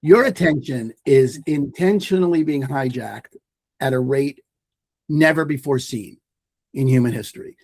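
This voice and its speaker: Speaking at a measured pace in a mid-range, darkish voice, a mindfulness teacher appears as a guest on a podcast interview. He's emphatic, telling stories to get his ideas across and repeating phrases for emphasis. There's no room sound.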